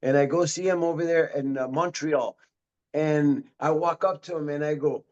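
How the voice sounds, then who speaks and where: A man who teaches martial arts, telling a story as an interview guest in an animated way, repeating and restarting his phrases. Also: on the high side, moderate pace, muffled recording.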